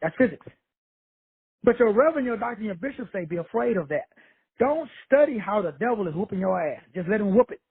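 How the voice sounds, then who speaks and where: Brief: Texan man, blunt profane self-help lecturer, slightly high husky voice. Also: animated, brisk, dry recording. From Texas. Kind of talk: casual motivational monologue. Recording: dry tinny phone-like audio, husky voice.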